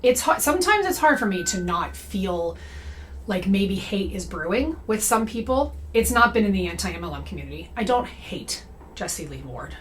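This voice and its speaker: A woman's voice: mid-range voice, sing-song, normal speed, slight background noise. A young adult woman giving a casual monologue about comedy and parody, talking conversationally and often checking in with "okay?" and "right?". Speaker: comedy creator and anti-MLM commentator.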